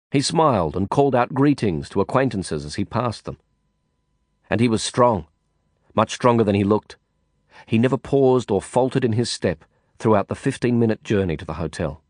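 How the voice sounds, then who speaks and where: A man narrating an audiobook in a measured storytelling manner. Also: lowish voice, no echo, clean studio sound.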